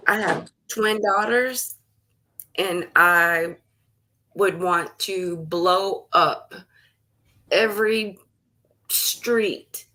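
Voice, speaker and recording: Woman host, slow delivery, bright tone, heartfelt and emotional. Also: mid-range voice, a little hiss or hum. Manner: slow, warm-hearted, laughs and tears up. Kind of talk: emotional conversation.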